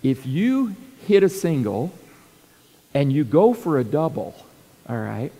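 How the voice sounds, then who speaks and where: A man's voice: fairly high pitch, takes it slowly, slightly rough. A middle-aged man giving a teaching talk for church leaders, telling stories and acting out quotes and sound effects. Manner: animated storyteller, acts out quotes and sound effects. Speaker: speaker coaching church leaders. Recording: long hall reverb.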